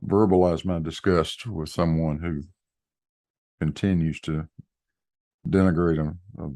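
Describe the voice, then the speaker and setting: Deep voiced guy in a chat stream, blunt, swears a lot. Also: steady tone, unhurried, mellow. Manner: blunt and profane, heated. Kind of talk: casual group chat on a live stream.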